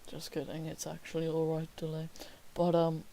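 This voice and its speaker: A man's voice: on the high side, completely flat delivery, normal speed, vocal fry, dark tone, a little hiss or hum, rough recording. A young man reading his homework aloud on a stream, breaking off into wry joking asides. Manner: wry, slips into whispered mock remarks. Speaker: student streamer.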